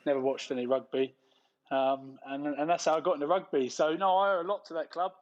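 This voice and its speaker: A man's voice: a little high, fairly even intonation, a little fast. English bloke telling cheeky stories from his club days, kinda muffled sound. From England. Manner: laddish storytelling with swearing and laughs. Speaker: guest. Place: clubhouse before a live audience.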